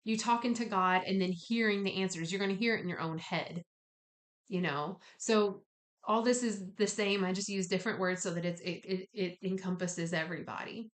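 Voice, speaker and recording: A woman speaks in an easy, conversational way as she guides listeners through a spiritual practice. Her delivery is gently encouraging, with slangy asides mixed in. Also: medium pitch, steady tone, moderate pace. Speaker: spiritual wellness teacher. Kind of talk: casual spoken guided talk.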